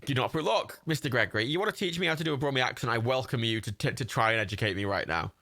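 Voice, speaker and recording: A man chatting his way through a game on a livestream. He is self-mocking and swears freely. His voice jumps up and down with a bright, sharp tone. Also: medium pitch, animated, rapid-fire. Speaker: streamer. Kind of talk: casual livestream gaming commentary.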